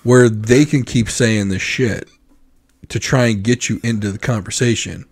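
This American podcast co-host has a husky, medium-pitched voice and talks at an ordinary pace. In casual conversation he spins lively stories, mimicking the reactions of the people in them.

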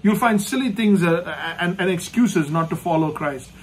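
A man preaching a sermon as pastor, emphatic and repetitive, slowing down to stress points and dropping to a soft hush at the end of each thought. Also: high voice, expressive, breathy edge. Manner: emphatic, repeats key phrases, slows down for stress. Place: online church service.

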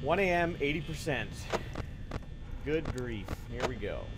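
A young man playing a horror game and commenting, excitable, swearing at it, yelping and trash-talking. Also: mid-range voice, measured pace, noisy background. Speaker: gaming YouTuber. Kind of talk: let's play commentary. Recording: game music loud behind voice. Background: game music.

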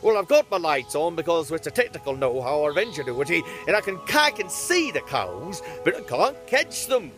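A man's voice: a little high, very animated, normal speed, few pauses, fairly bright tone, soft background music. A man voicing a grumbling middle-aged Cornish farmer chasing cows, in an exasperated, cursing comic monologue. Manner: exasperated, cursing, rambling complaint.

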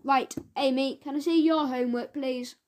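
A woman voicing a firm, measured male schoolteacher. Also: sits high, fairly even intonation, lightly acted. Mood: stern. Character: stern but fair male schoolteacher.

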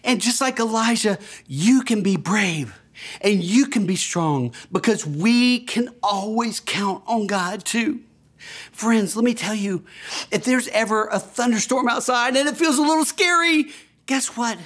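A man's voice: high voice, measured pace, fairly bright tone. A man telling a Bible story to young children, enthusiastic and gasping, leading them in call-and-response.

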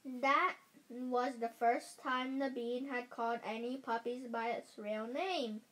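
Woman reading a kids' chapter book aloud at a slow pace; careful delivery, frequent slips and self-corrections. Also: on the high side, fairly even intonation, a bit bright, poor audio. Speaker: reader.

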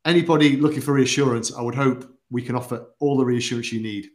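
A man's voice: medium pitch, quick pace. A man, explaining supplements on a company livestream in an earnest, methodical way with occasional fillers. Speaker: product expert on a company livestream. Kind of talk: casual livestream chat.

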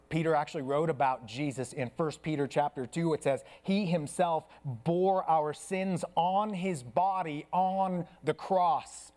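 An earnest male pastor delivering a sermon in a church, with a somewhat high voice. He moves between quiet, hushed stretches and raised, intense ones. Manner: earnest preaching, swings from soft hushed to raised.

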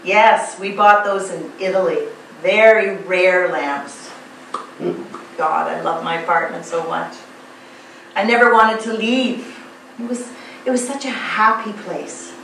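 A woman's voice: medium pitch, steady tone, slow, a bit bright. A woman playing a weepy, sentimental divorcee. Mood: wistful. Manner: tearful, dramatic sighs. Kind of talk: amateur stage comedy. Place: theatre stage. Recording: echoey hall, stage mic far off, faint hum.

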